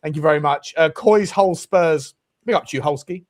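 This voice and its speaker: A man's voice: a little high, a little fast. A man hosting a casual football fan stream, bantering with co-hosts and reading out viewer messages in a jokey, swearing manner. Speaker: show host reading super chats.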